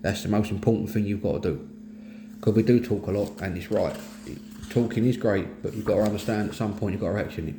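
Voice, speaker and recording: A man's voice: fairly low pitch, quick pace, gravelly. Earnest middle-aged Cockney man. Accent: London Cockney. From East London, England. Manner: plain-spoken, earnest, blunt. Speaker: host of a mental health talk. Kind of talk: candid personal monologue. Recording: echoey room with faint noise.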